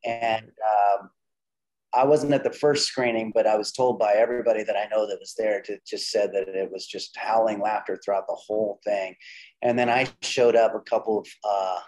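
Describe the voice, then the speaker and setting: A man's voice: fairly low pitch, moderate pace, low-quality recording. A middle-aged man, a comedian and filmmaker, telling stories in a casual interview and acting out the dialogue of the people in them. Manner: animated anecdotes with quoted dialogue and frequent restarts. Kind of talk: casual conversational storytelling.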